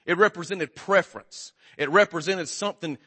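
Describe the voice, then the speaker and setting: Man, forties, preacher, high-pitched, bright tone, casual joking sermon, asks the congregation questions. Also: normal speed, husky. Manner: conversational, joking, quizzes the congregation. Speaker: pastor.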